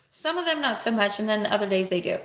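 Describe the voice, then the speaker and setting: A woman's voice: mid-range voice, animated, fairly quick, pushed and bright. A middle-aged woman vlogging about family life in a candid, rambling, self-reflective way. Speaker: vlogger, homeschooling mother. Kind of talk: casual talk to camera. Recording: echoey room with faint noise.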